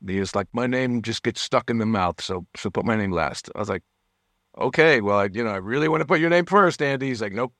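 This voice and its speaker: A man's voice: on the low side, a little fast, fairly bright tone, no room sound, clean studio sound. A man telling a story as a guest musician in a casual interview, acting out the people he quotes and laughing often. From United States.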